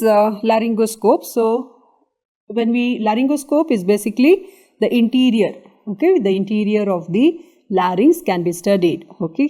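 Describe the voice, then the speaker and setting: A woman's voice: medium pitch, mellow. A woman with an Indian English accent giving an exam revision lecture on anatomy, explaining step by step and often checking in with "okay".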